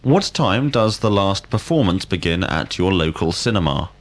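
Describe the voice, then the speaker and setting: A male language teacher, asking drill questions slowly and clearly. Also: low voice, sing-song. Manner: slow, deliberate, clearly enunciated questions. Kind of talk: scripted drill lesson.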